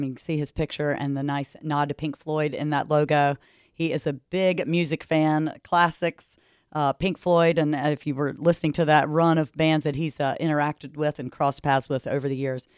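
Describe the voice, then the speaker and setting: Smooth enthusiastic male radio host. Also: on the high side, little pitch movement, normal speed, no echo, studio quality. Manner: enthusiastic, promotional. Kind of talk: radio interview.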